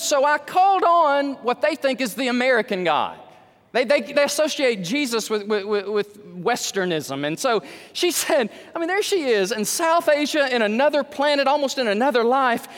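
A high-voiced man preaches a storytelling sermon at a fairly quick pace, rising from calm narration into excited, emphatic peaks. The long reverb of a large hall surrounds his voice.

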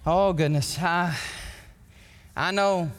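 A man pastor preaching a sermon in a church, emphatic and storytelling, with sudden excited quotations. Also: sits high, slow. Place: church sanctuary. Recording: long hall reverb.

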